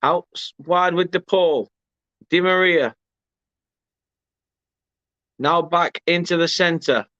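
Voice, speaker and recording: English male watchalong host, high tense voice, excitable play-by-play, correcting himself as he goes. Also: slow, pauses often, no room sound, lo-fi sound. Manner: excitable, self-correcting, erupts at goals. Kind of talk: live match commentary.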